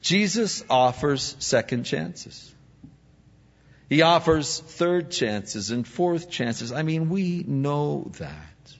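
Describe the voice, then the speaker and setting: A male pastor preaching a sermon, animated, acting out biblical figures in dialogue. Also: on the high side, drawn-out words. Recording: dull sound with long hall reverb.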